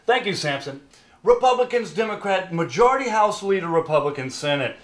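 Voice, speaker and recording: A man's voice: high-pitched, big pitch swings, brisk, a bit bright, reverberant. A man co-anchoring a comedy news spoof, rattling off jargon with pompous confidence. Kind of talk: mock political commentary.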